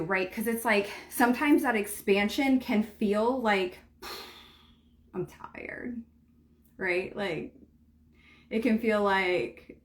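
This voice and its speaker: A woman giving a heartfelt motivational livestream talk as a spiritual coach. She speaks directly to her viewers and often says "like" and "right?". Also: mid-range voice. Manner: earnest, heartfelt, leans heavily on "like" and "right?".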